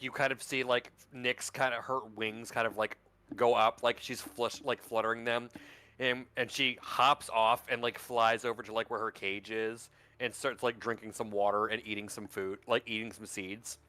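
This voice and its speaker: A man's voice: mid-range voice, little pitch movement, moderate pace, bright, forceful tone, clear, resonant tone. A man narrating a tabletop role-playing game as game master, rambling and full of fillers. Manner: rambling, filler-heavy, lots of "like".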